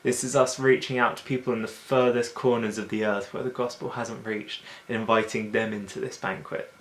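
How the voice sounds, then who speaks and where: A man giving an informal, chatty Bible talk as host of a daily video show, slipping into quick acted-out asides. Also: on the low side, little pitch movement, reverberant. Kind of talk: casual Bible teaching.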